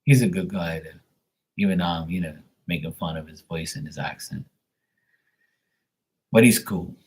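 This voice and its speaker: A man's voice: low-pitched, normal speed, husky. A man hosting a live stream, chatting in a rambling, laid-back way and swearing often. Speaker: livestream host. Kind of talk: casual chat.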